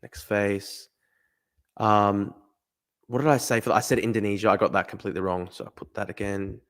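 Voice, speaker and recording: A man's voice: on the low side, little pitch movement, normal speed. Australian man swearing through a live stream. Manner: swears often, thinks aloud, talks to chat. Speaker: livestreamer. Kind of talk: casual live-stream commentary.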